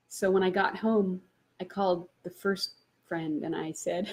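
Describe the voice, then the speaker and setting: A woman's voice: fairly low pitch, fairly even intonation, a little slow, darkish tone. A woman, a spiritual teacher, telling a personal story and laughing often as she retells it.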